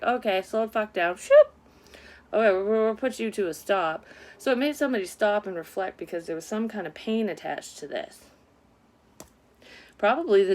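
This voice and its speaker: Rambling, cursing woman with a low voice. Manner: rambling, profane, sighing, talks to the audience. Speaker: psychic medium doing a reading. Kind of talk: casual spoken reading to viewers.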